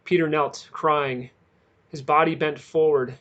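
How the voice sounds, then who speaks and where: An audiobook reader, a man, reads a novel aloud in a measured way and leans into the dramatic moments. His voice is a little higher than is typical for a man, and he holds a steady storytelling pace. The sound is lo-fi.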